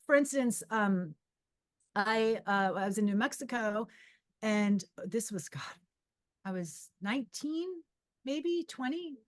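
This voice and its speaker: A woman's voice: fairly high pitch, expressive, takes it slowly. A middle-aged woman who hosts a podcast as a psychic medium, telling a personal story in a casual, rambling way. She restarts sentences often and acts out her own inner voice.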